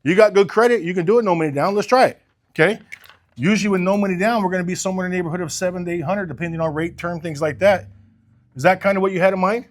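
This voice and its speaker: A middle-aged man running a sales training, with a fairly high-pitched voice for a man. He talks bluntly and with animation, swears casually, keeps quizzing the group, and acts out both sides of a customer talk. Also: racing. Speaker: sales coach.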